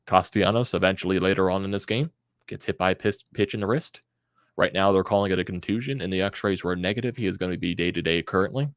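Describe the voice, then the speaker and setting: A man's voice: low-pitched, no room sound, clean studio sound. A young man hosting a fan reaction vlog, ranting in exasperation with stammers and sighs. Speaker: sports channel host.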